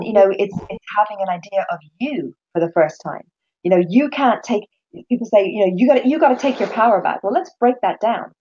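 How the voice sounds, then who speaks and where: A woman course leader chatting casually and animatedly, often restarting her sentences and slipping into other people's voices. Her tone is mellow and warm. The audio is a little muffled and lo-fi. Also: mid-range voice, breathy edge. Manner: animated, acts out quoted voices, frequent restarts. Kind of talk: casual conversation.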